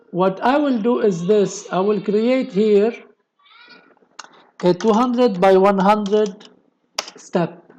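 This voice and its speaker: This is poor audio of an engineering tutorial presenter with a high-pitched, dark-toned voice. He narrates a screen recording of a technical drawing, going slowly step by step with many okays.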